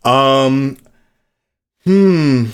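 A man's voice: mid-range voice, drawn-out words, clear, resonant tone. A man in his late thirties, a musician being interviewed, speaking candidly and reflectively, sometimes blunt. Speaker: musician guest. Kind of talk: interview conversation.

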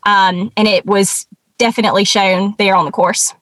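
A woman guest telling a personal story in an earnest, conversational way, with many pauses and restarts. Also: medium pitch, steady tone, fairly bright tone, no room sound.

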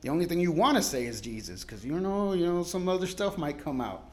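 A male guest pastor giving a sermon in a casual, storytelling way, laughing often and moving between loud cries and quiet asides. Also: high-pitched, animated, quick pace.

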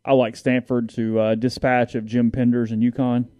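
A man's voice: mid-range voice, moderate pace, no room sound. A man co-hosting a sports podcast, talking casually and getting worked up in bursts of indignation. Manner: animated, indignant, rising to outbursts.

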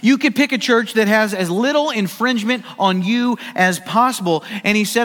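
A man's voice: sits high, moderate pace, few pauses, fairly bright tone, in a large hall. A man with an American accent preaching a sermon, talking in a casual, joking way with strong emphasis. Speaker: pastor. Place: church sanctuary.

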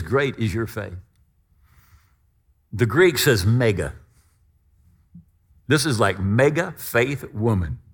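A man preaching a sermon, emphatic, with dramatic swings between loud stresses and quiet drops. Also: mid-range voice, slightly rough. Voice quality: lively, expressive intonation.

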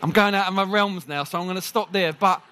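A man preaching a sermon to a congregation. He jokes with the room and talks in an animated way. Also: sits high, fast, smooth.

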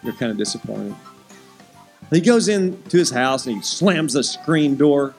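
A man's voice: medium pitch, sing-song, a little slow, soft background music, rough recording. A man preaching a sermon, telling a story and acting out the characters' voices while he asks the listeners questions.

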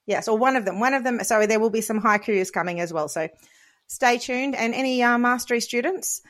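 A woman's voice: fairly high pitch, brisk, fairly bright tone. A woman hosting a casual teachers' podcast, upbeat and playfully teasing, laughing often.

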